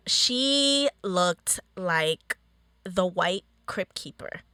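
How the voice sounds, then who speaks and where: A woman hosts a podcast and tells her own stories at an unhurried, drawn-out pace. Her voice is bright and forward. The recording is dry and close. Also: mid-range voice, dry recording. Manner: slow, drawn-out storytelling, quoting people. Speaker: podcast host. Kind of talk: casual interview chat.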